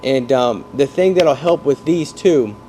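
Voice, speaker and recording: A man coaching salespeople in an energetic talk, explaining through football comparisons and often checking that his listeners follow. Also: mid-range voice, unhurried, a little hiss or hum. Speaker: sales trainer.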